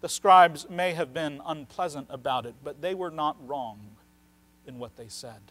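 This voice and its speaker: A man preaching a sermon as pastor, earnest, slowing down to stress key phrases and swinging from loud to soft. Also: a little high, slight background noise. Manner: earnest preaching with slowed emphatic phrases and wide swings in loudness.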